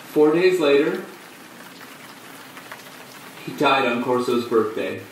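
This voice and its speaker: An actor playing a male off-off-Broadway performer who tells his story in a halting way, with dark, bitter laughs. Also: medium pitch, a little hiss or hum, lightly acted. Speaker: actor in a monologue. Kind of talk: stage monologue on film. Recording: distant echoey room with rain.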